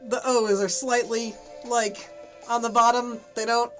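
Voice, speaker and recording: Chatty high-voiced woman streamer. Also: level tone, unhurried, fairly bright tone, faint music behind. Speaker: let's-play co-host. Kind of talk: casual gameplay chat.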